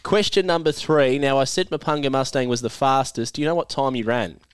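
A man's voice: mid-range voice, a little fast, clean tone, dry recording. Joking Australian man hosting a podcast. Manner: jokey, teasing, laughs often. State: feeling unwell. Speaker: podcast host. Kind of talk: casual chat and quiz hosting.

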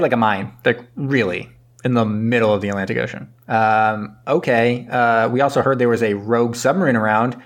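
A man's voice: mid-range voice, a little fast. Rambling man recapping a movie. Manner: rambling, acts out characters' lines, swears casually. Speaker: podcast co-host. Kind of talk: casual movie recap chat.

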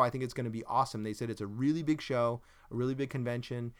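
A man's voice: mid-range voice, steady tone, fairly quick, few pauses, clear, resonant tone. A man hosting a casual chat, rambling and searching for words, with self-deprecating jokes. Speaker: podcast host.

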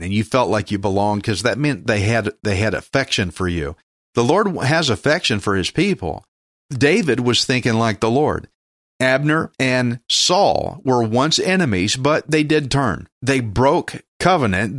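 A man preaching a sermon, earnest, dropping to soft low asides and rising to emphatic peaks. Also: no room sound, studio quality.

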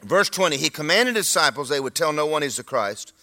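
A man's voice: fairly high pitch, sing-song, fairly quick, pushed and bright. A man, preaching a sermon to his church in a folksy, humorous, emphatic way. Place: church sanctuary.

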